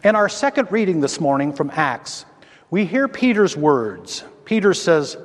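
A Lutheran pastor preaches a sermon to his congregation in a church sanctuary, slow, emphatic and very animated. His voice is a little high, and the recording carries long church reverb.

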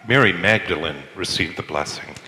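A man narrating a dramatic group scripture reading, with expressive, emphatic delivery in a reverberant hall. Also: low-pitched, normal speed. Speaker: scripture reader.

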